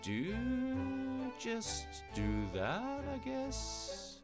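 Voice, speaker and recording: Let's-play host, casual reader, animated pitch, game music behind. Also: male voice, extremely slow. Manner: chatty, apologetic, reading aloud. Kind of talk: casual gameplay commentary and dialogue reading.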